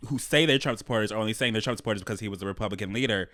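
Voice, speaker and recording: A young man from Los Angeles co-hosting a podcast, rambling quickly in a casual chat and laughing often. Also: lowish voice, a bit bright, dry recording, clean studio sound. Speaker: podcast co-host.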